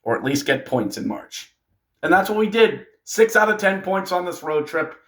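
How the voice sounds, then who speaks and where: A man hosting a casual hockey recap video, animated and joking, talking straight to fellow fans. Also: high-pitched, normal speed. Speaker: hockey fan video host. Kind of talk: casual game recap commentary.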